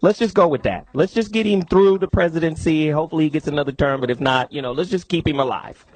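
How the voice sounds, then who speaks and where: A middle-aged radio host speaks in a slightly high, emphatic voice, pushing the call-in number and steering the talk. The sound is dry and close, with no room around him. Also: male voice, quick pace, a little mellow, dry recording.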